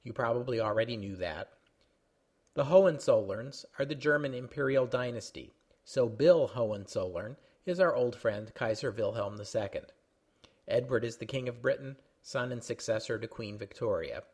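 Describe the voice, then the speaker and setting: A man's voice: mid-range voice, moderate pace, darkish tone, breathy edge. Plain-spoken male history podcast host. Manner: plain, friendly, informative. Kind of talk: explanatory commentary.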